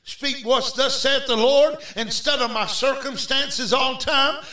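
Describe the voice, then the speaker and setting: A man preaching a fervent revival sermon, shouting and exhorting his listeners with repeated calls. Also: very high voice, steady tone, a little slow, hardly any pauses, distant mic. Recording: echoey room, voice off-mic.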